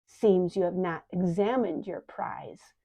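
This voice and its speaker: A woman doing a raspy greedy old dwarf lady, croaky and hissy, kinda low and dark, lo-fi. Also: slow pace, exaggerated voice. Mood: sly. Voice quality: croaking, hissing. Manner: wheedling, sharp-tongued. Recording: dull lo-fi recording.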